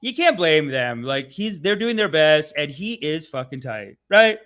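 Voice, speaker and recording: A man hosting a casual live stream, rambling and swearing excitably, often laughing mid-sentence. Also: on the high side, unhurried. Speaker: host.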